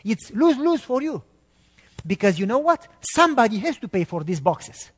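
A man voicing his angry, scornful old boss, yelling threats as he tells a story in a sermon. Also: very high-pitched, big pitch swings, normal speed, breathy edge, long reverb tail, heavily acted. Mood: mocking. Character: angry shouting male factory boss.

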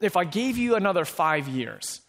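Patient divine figure, mild reasoning tone, slightly high voice, as a preacher puts it on. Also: male voice, very animated, moderate pace, a bit bright, heavily acted. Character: patient divine father figure, questioning gently.

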